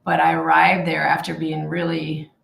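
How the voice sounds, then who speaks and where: A woman leading a casual Bible study, talking in a heartfelt, halting way with many fillers and restarts. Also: sits low, monotone, vocal fry, a bit bright, roomy sound, a little hiss or hum, low-quality recording.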